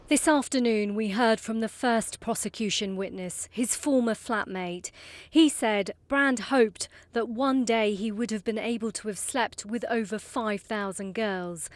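Woman news reporter, bit higher voice, calm formal read. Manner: measured, formal delivery. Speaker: court reporter.

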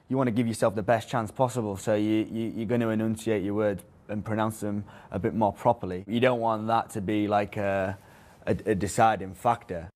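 A man's voice: fairly low pitch, a little mellow. A young man talking casually and a little hesitantly in an interview. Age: young adult. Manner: casual, hesitant talk with fillers.

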